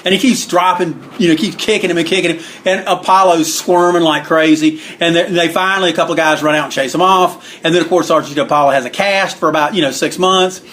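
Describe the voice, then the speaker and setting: Man, interview guest, rambling storyteller, fairly high voice, light background noise; does others' voices by pitching up. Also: fairly even intonation, fast, few pauses, fairly bright tone. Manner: rambling, acts out quotes with raised pitch. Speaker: interview guest, wrestling book author. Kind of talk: casual storytelling.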